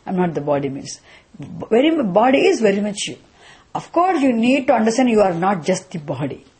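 Woman, scripture teacher, breathy, asks and answers her own questions, repeats key lines. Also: a little high, sing-song, moderate pace, darkish tone. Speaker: Vedanta teacher. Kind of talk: scripture class lecture.

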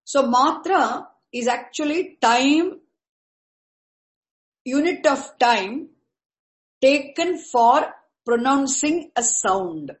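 A woman teaching Sanskrit terms, speaking deliberately and repeating each key word. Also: high-pitched, expressive. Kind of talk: slow explanatory lecture. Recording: echoey room.

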